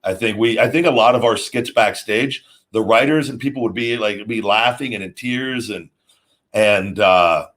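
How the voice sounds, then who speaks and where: A man's voice: lowish voice, normal speed, a bit bright. A middle-aged man hosting a casual live show, rambling and restarting sentences as he tells stories. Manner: rambling, frequent restarts, storytelling with acted quotes. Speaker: podcast host. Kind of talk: casual live-stream chat.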